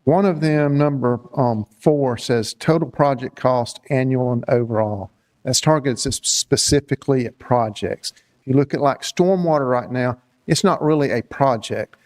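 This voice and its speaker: A man making a measured, procedural public comment in a city hall meeting chamber. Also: mid-range voice, a little mellow.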